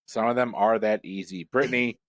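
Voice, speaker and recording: A man hosting a pub trivia quiz, reading questions in a brisk, matter-of-fact way and bantering with the players. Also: on the low side, steady tone, a bit bright, no room sound.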